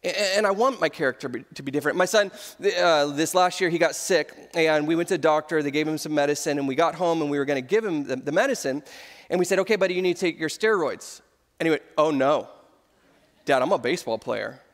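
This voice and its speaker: Humorous pastor in a reverberant sanctuary. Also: male voice, a little high, quick pace. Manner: storytelling with humor. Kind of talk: sermon. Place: large church sanctuary. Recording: long hall reverb.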